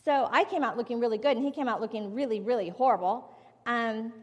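A middle-aged woman with a fairly high voice gives a candid, confessional testimony from the stage. She talks with emphatic, heartfelt directness, and her words ring out with a long hall reverb behind them. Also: quick pace, breathy edge. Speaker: conference speaker. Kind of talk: personal testimony sermon.

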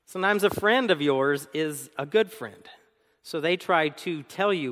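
A man preaching a sermon as co-pastor, animated, acting out arguments and laughing often. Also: fairly high pitch, takes it slowly, pauses often, in a large hall.

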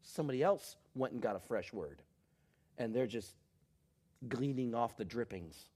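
Animated preacher man, loud then hushed. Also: medium pitch, normal speed. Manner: dynamic preaching, swings from shouting to whispering. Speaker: pastor. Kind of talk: sermon.

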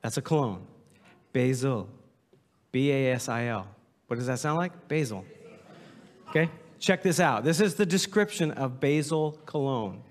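Male pastor, joking sermon, bouncy animated delivery, reverberant sanctuary. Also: medium pitch, a little slow, long pauses. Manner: playful, joking, reads aloud with mock drama. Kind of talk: humorous sermon to a congregation. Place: church sanctuary.

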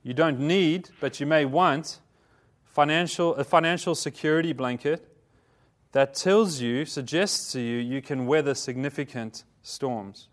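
A man's voice: a little high, measured pace. A man giving a conversational sermon, often asking his listeners questions and stopping to correct himself. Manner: conversational preaching, asks the congregation questions; self-correcting, repeats words. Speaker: pastor.

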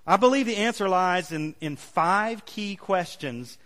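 A male pastor preaching a sermon, leading the congregation in call-and-response with emphatic, drawn-out phrases. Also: sits high, expressive, fairly bright tone. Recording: long hall reverb.

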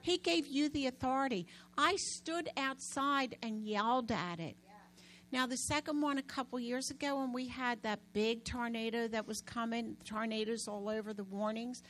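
A woman preaching conversationally, telling a story with lively, raised-voice quotes. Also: on the high side, normal speed, rough recording.

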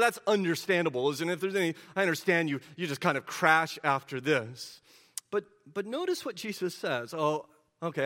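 Pastor guy preaching, kinda high bright voice, lots of questions, echoey church hall. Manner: animated, questioning, repeats words when building up. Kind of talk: sermon.

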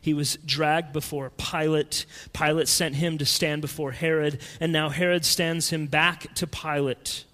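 A man preaching a sermon in a dramatic, emphatic way, swinging between loud and hushed. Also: a little high, fairly even intonation, a little slow, few pauses, big-room sound.

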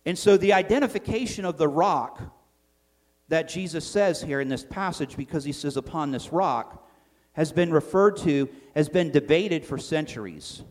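A man's voice: fairly high pitch, lively intonation, normal speed, a little mellow. A man preaching a sermon to his church in a conversational way, acting out the quotes he reads with swings in volume. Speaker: pastor.

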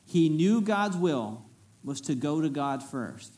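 A man delivers a casual, storytelling sermon. His voice sits high for a man, and he keeps it folksy and lively, breaking in with joking asides to the congregation. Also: slow. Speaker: pastor. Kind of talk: conversational sermon.

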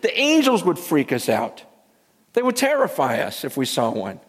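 A male pastor preaching a sermon, swinging between loud emphasis and hushed asides and repeating words as he builds his points. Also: on the high side, wildly swooping pitch, normal speed, slightly rough. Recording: long reverb from a large hall.

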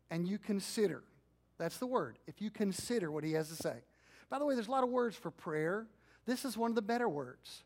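A middle-aged male pastor preaching a conversational sermon, asking his congregation questions and dropping into quiet, intimate asides. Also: high voice, gravelly.

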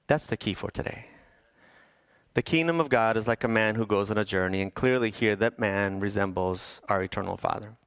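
A man's voice: fairly low pitch, fast, fairly bright tone, clear, resonant tone, dry recording. A man in his thirties preaching a sermon as pastor, humorous and conversational, who asks the congregation questions.

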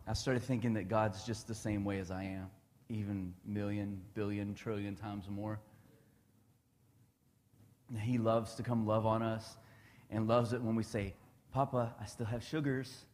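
A man's voice: lowish voice, level tone, measured pace, pauses often, darkish tone, in a large hall. A man in his thirties giving a casual devotional talk, chatty and laughing often.

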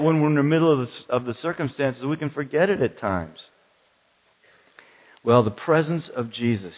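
Male pastor, sermon, animated storyteller, slightly high voice, echoing church hall, muffled. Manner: animated, acts out quoted voices. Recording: muffled church hall sound with long reverb.

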